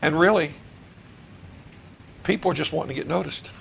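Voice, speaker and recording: A man's voice: fairly high pitch, normal speed, gravelly, a little hiss or hum, low-quality recording. A middle-aged man, a pastor preaching a sermon in a church, who repeats questions to the congregation and restarts his phrases. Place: church sanctuary.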